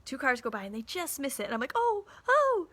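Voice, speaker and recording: Racing through a story for viewers in a casual live talk, a woman in her thirties acts out the dialogue in chatty fashion. The mother and small business owner has a fairly high, fairly bright, husky voice.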